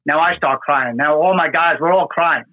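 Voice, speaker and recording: A man tells emotional field stories in an earnest, halting way, his voice sitting a bit high. The audio is narrow and phone-like, dry with no room sound. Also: no room sound. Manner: earnest, emotional storytelling with many fillers. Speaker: podcast host, FDNY firefighter. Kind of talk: conversational storytelling.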